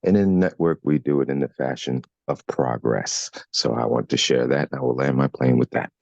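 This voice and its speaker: Super deep voiced guy on a video call, dull dry audio, reflective. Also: normal speed, vocal fry, darkish tone, no echo.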